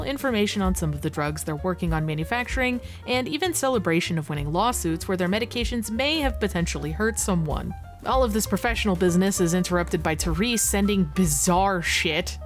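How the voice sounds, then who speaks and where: A young woman narrating a game retrospective in a sarcastic, casual, irreverent way. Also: mid-range voice. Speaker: video essay host.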